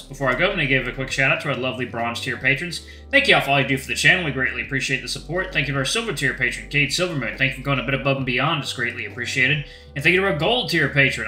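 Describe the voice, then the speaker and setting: A man hosting a gaming channel who reads a visual novel aloud and thinks out loud in an animated, chatty way. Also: mid-range voice, echoey room.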